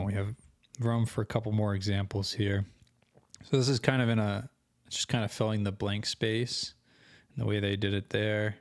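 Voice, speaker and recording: A young man walking through a screen-share tutorial, thinking aloud casually and correcting himself as he goes, his voice going hoarse. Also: lowish voice, dry recording, clean studio sound. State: losing his voice. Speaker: co-host of an online selling channel.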